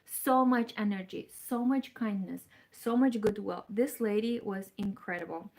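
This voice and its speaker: A woman's voice: medium pitch, darkish tone. A woman from Moldova hosting a casual knitting livestream. She chats with viewers, thinks aloud and laughs along the way. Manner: unhurried, chatty, thinking aloud with fillers and laughs. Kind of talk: casual livestream chat, reading viewer comments.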